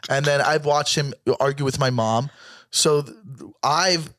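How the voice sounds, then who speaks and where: A man with a voice a little higher than most men's, talking casually as a comedian guest. He tells rambling, profane stories and keeps cutting himself off. The sound is dry and close. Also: measured pace, a bit bright, no room sound. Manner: rambling, profane, self-interrupting storytelling. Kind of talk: casual podcast chat.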